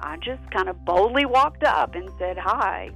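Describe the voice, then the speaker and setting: A middle-aged woman from South Carolina, casually recalling a memory in an animated, halting way. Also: medium pitch. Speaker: interviewee. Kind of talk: casual recollection. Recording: phone-quality voice with soft music.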